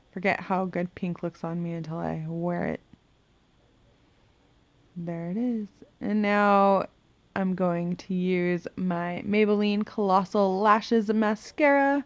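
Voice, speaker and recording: Lady doing her makeup at home and chatting away, kinda low voice, hums and mutters to herself. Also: fairly even intonation, a little slow, no room sound. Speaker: beauty vlogger. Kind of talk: casual makeup tutorial chat. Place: home bedroom.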